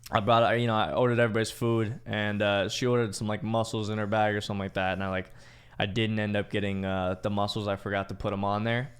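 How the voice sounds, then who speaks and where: A young man tells a long story on a podcast in a loose, profane, rambling way, filling it with "like"s. His voice is smooth and clear and sits a little low. His talk is casual and unpolished. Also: flat delivery, fast. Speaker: podcast co-host.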